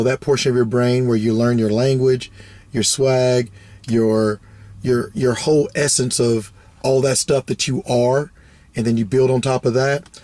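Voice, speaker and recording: Rambling, animated storytelling man. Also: mid-range voice, no room sound. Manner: rambling, animated, profane, acts out voices. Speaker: vlogger. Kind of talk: casual storytelling.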